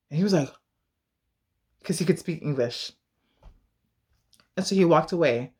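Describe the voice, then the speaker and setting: A woman's voice: deep voice, a little slow, long pauses, slightly rough. An American woman giving advice in a casual vlog, telling stories in an emphatic, direct way and acting out the voices of the people she quotes. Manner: animated storyteller, acts out quoted voices.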